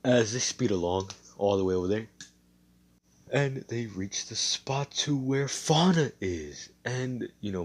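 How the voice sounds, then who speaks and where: A man's voice: on the low side, expressive, a little slow. A man narrating an improvised fan story in a rambling, filler-heavy way.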